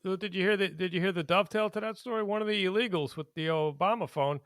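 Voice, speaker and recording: A man co-hosting a casual political chat, animated and indignant, breaking into laughs. His voice sits fairly high for a man. The sound is close and dry, with no room around it. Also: fast, no room sound. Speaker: podcast co-host.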